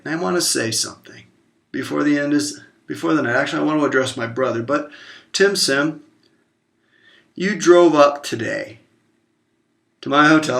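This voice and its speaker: A man delivering an emotional, confrontational monologue to camera, swearing openly and swinging between low murmurs and raised outbursts. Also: creaky, fairly bright tone. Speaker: vlogger.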